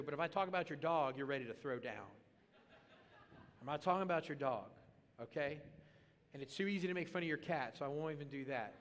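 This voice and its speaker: A man preaching a sermon as pastor, animated and comic, swinging into loud excited bursts. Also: on the high side. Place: church auditorium. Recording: long reverb of a large hall.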